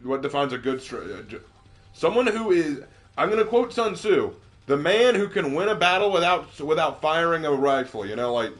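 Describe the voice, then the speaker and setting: A man's voice: fairly high pitch, lively intonation, normal speed. A young man streaming a game, chatting in a laid-back, joking way with a co-host. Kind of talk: casual gaming stream chat.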